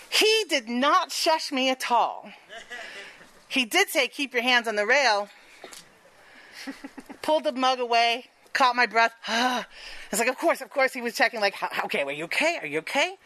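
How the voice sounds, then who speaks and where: A woman's voice: sits high, sharp tone, slight background noise, poor audio. A woman telling a frank, profane story on stage, laughing often, then hosting the next part of the show.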